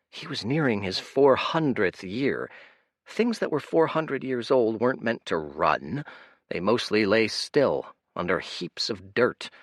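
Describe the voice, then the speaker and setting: A man reading an audiobook aloud in scripted narration, expressive and animated. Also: fairly low pitch, dry recording, studio quality.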